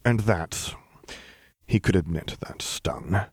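A man narrating fan fiction in an even, measured reading. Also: sits low, slightly rough, no room sound, clean studio sound. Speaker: audiobook narrator.

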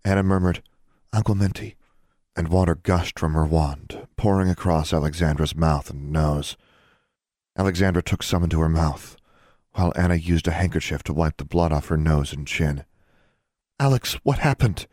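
Deep-voiced man narrating a story. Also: normal speed, no echo, clean studio sound. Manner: expressive reading, voices each character. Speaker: audiobook narrator.

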